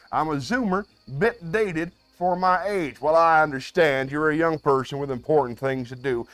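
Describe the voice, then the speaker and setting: A man hosting a live stream, chatting with his viewers in a playful way, swinging between loud outbursts and low mutters. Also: no room sound. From United States.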